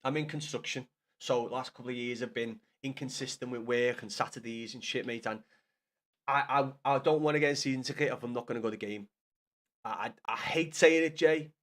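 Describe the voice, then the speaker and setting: A man in his thirties, Scouse-accented and clearly hungover, talks casually to his stream viewers with plenty of swearing and restarts. He rambles in a mid-range voice with a fairly bright tone.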